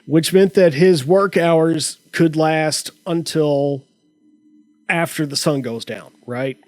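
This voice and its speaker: A man hosting a comedy podcast, telling a story in a casual, halting way with frequent restarts. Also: fairly high pitch, a little mellow, dry recording, rough recording. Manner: slow, halting delivery with many restarts. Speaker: podcast host.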